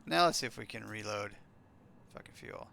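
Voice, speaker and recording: Gravelly man chatting through a flight sim. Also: on the low side, animated, moderate pace, pushed and bright, slight background noise. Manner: chatty, self-mocking, thinks aloud, reads off checklists. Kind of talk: casual live-stream commentary.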